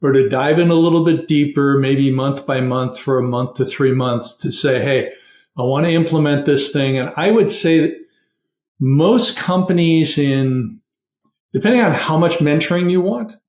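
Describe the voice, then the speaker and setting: A man's voice: on the high side, normal speed, darkish tone, roomy sound. A middle-aged man, a guest on a podcast, talking earnestly and steadily about hiring as a process. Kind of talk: conversational interview.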